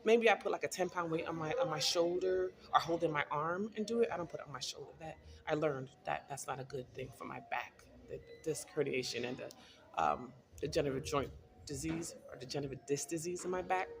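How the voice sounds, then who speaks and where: Middle-aged woman vlogger, gravelly low voice, casual storytelling delivery. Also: brisk, noisy background. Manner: chatty, storytelling, laughs often. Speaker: wellness vlogger. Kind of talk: casual talk to camera.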